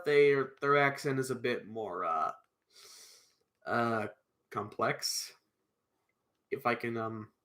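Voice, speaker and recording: Slow, bright male storyteller with a strained throat. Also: medium pitch. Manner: halting, with restarts and pauses. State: strained throat, clearing it often. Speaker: storyteller and live streamer. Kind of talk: reading a children's book aloud on a live stream.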